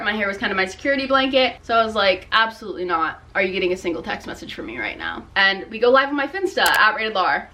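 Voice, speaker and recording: Exasperated young woman with a bright voice. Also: medium pitch. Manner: casual, profane and exasperated, with frequent "like". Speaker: vlogger. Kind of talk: storytime vlog.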